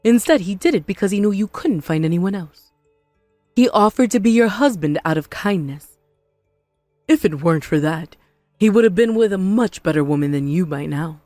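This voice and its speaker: A woman voicing a spiteful, possessive mother-in-law in an animated story, scornful and melodramatic. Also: medium pitch, moderate pace, no echo, soft background music, close to an everyday voice. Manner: scornful, melodramatic, self-pitying.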